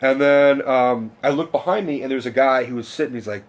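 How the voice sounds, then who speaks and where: A man telling a long personal story in a casual vlog rant, rambling and excitable, swearing often and restarting his sentences. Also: medium pitch, brisk. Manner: rambling, excitable, profane, many fillers and restarts. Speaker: vlogger.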